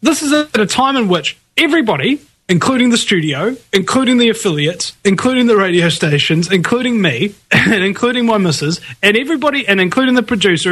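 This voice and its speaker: A man's voice: extremely high pitch, lively intonation, brisk, a bit bright. A man hosting a radio talk show, ranting emphatically and laughing often.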